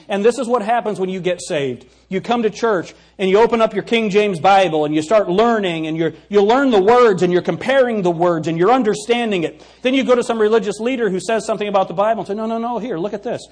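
A man's voice: high voice, fast talker, hardly any pauses, darkish tone. A male pastor preaching a sermon, reading King James verses aloud and retelling them in plain words, with questions to the congregation. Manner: asks the congregation questions and calls for "Amen?".

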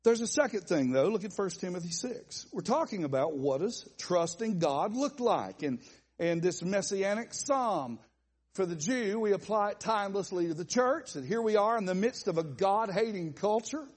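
Folksy, animated Southern preacher man. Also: high voice, moderate pace. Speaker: pastor. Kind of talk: sermon. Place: church conference hall.

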